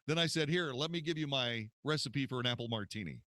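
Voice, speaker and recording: A man's voice: mid-range voice, brisk, pushed and bright, no room sound. A man, a radio host, recording promo spots in a studio, telling a story with theatrical delivery and retakes.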